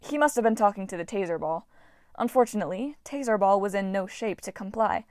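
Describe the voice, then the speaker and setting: Woman narrator for a fantasy audiobook, mid pitch, dry close recording, animated reads. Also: brisk, dry recording. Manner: lively, voices characters with shouts. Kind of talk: audiobook narration with character voices. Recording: dry, low-quality home recording.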